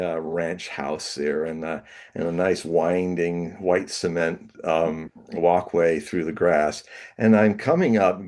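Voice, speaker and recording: A man with a fairly low voice speaks as an interview guest. He tells a long story casually, laughs often, stumbles and restarts, and slips into animated voices for the people in it.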